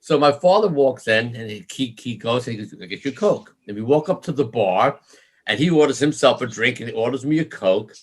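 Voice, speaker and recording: Animated middle-aged man telling stories. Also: medium pitch, brisk. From New York. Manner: animated storyteller, acts out quoted voices, laughs often. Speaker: guest musician. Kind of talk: storytelling interview.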